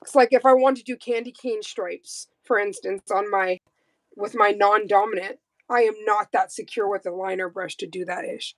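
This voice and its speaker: A woman co-hosting a casual chat, talking in an animated, playful way. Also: medium pitch, normal speed, hardly any pauses, no echo. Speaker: co-host.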